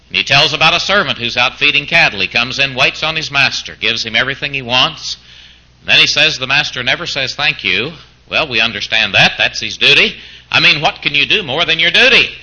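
A man's voice: mid-range voice, animated, normal speed, pushed and bright, rough recording. A man preaching a sermon who keeps throwing out mock-incredulous rhetorical questions, as if arguing back in the voice of a doubter.

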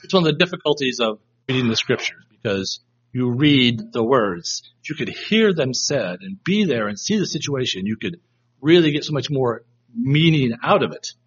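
A husky, mid-range male voice, animated and moderately paced, leads a live Bible study class in the room. He reads verses aloud thoughtfully, experimenting with inflection, and the recording is dull and lo-fi.

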